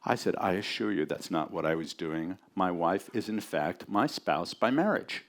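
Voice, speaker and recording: A man introducing a friend and then reading his story aloud to a live audience, in a relaxed, conversational and dry way. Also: low-pitched, moderate pace, few pauses.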